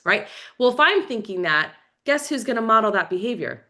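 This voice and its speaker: A woman's voice: on the high side, lively intonation, a little fast, few pauses, bright, forceful tone. A woman leading a motivational team training, coaching energetically and acting out cheerful phone calls. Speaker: team leader.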